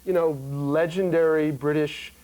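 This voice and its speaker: A man in his twenties, a guest actor on a talk show, telling stories in an animated, joking way with lots of fillers. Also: fairly high pitch, unhurried, low-quality recording. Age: 20s. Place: TV studio before an audience.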